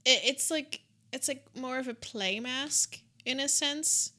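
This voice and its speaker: A woman's voice: high-pitched, unhurried, bright, forceful tone. A woman co-hosting a podcast, chatting casually and rambling through a long game recap. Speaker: podcast co-host. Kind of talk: casual chat about a video game.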